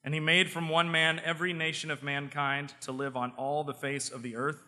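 An earnest apostle addressing a crowd, read aloud by a preacher in a measured, proclaiming voice. The tone is very bright and cutting, and a long reverb trails behind each phrase from a large hall. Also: male voice, a little high, level tone.

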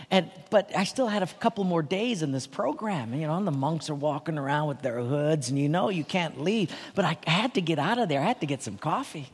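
A man with a notably high voice tells a story to a conference crowd, drifting between hushed asides and bright laughing bursts. His voice carries a long hall reverb around it. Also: animated, a little fast, hardly any pauses, breathy edge. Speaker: pastor. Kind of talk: conference talk to leaders.

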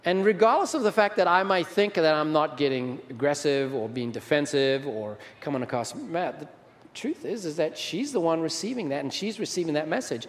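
A man's voice: on the high side, expressive, a little fast. A man preaching a sermon as a pastor, talking with the audience and often asking them questions. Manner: conversational, asks the audience questions. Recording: long reverb of a large hall.

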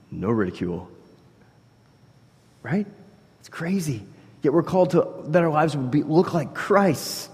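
A man preaching a sermon in a conversational way, shifting from quiet asides to loud, emphatic stretches. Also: medium pitch, husky. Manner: conversational, swings between soft asides and loud emphatic bursts. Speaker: pastor. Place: church hall. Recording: long hall reverb.

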